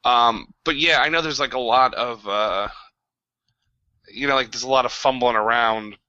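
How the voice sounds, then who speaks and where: A man's voice: mid-range voice, normal speed, pushed and bright, clear, resonant tone, dry recording, dull audio. A man in his thirties from New Jersey, a podcast guest chatting casually and easily, full of fillers. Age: 30s. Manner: easygoing, filler-heavy, laughs along.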